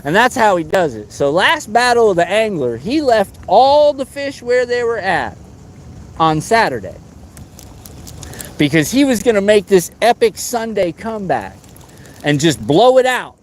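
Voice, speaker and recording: A man hosting a live fishing stream, chatting casually and excitably, teasing friends and whooping. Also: high-pitched, measured pace, a little hiss or hum. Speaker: fishing livestream host.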